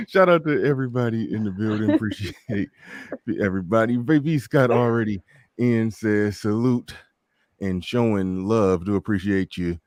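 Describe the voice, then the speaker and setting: Low-voiced joking talk show host man. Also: measured pace, darkish tone, no echo, studio quality. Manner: joking, swearing, laughing at his own stories. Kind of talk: casual livestream chat.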